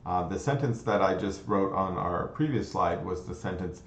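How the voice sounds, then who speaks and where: A man's voice: sits low, moderate pace, slight background noise. A man teaching a computer science lecture, explaining step by step, restarting phrases and checking in with "okay?". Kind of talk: recorded lecture. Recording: dull, roomy lecture recording.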